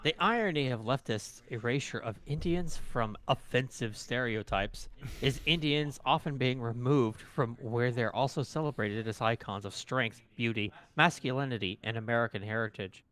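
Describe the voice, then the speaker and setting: A man's voice: medium pitch, moderate pace, a bit bright. A man on a live stream reading viewers' messages aloud in a plain, matter-of-fact way.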